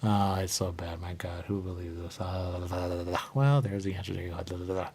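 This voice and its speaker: Low gravelly man rambling in circles. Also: fairly even intonation, fast, mellow, slight background noise. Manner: rambling and repetitive, keeps saying "there you go"; sing-song murmuring asides. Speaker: radio show host. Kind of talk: rambling spoken monologue.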